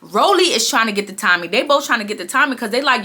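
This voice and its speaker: A woman vlogger talks straight to her viewers in a chatty, emphatic recap, drawing out words for effect. Her voice sits a little high and rings bright and forceful. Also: slightly rough. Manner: animated and emphatic, drawn-out words, frequent "okay?" and "y'all". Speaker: reality show recap vlogger.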